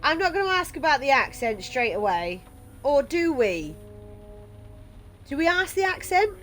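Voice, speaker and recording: A woman's voice: high voice, sing-song, normal speed, fairly bright tone, soft background music. A woman streaming a game playthrough, reading its text aloud and chatting casually, swearing now and then.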